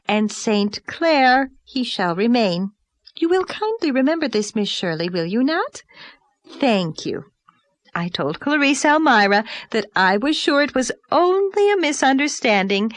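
A woman doing a haughty, high-pitched society lady. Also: no room sound. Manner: affected, haughty, drawn-out emphatic delivery. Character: pompous overdressed fussy middle-aged society lady.

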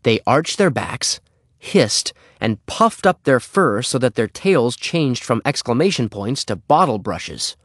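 A man reading a children's story aloud in an expressive way. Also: medium pitch, a little slow, dry recording, clean studio sound. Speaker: narrator.

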